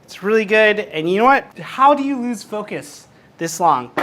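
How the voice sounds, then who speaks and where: A man's voice: high-pitched, expressive, normal speed, fairly bright tone, a little hiss or hum. A man hosting a casual cooking vlog at home, a bit drunk, swearing loosely and ranting at his camera. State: tipsy from drinking. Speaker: cooking show host.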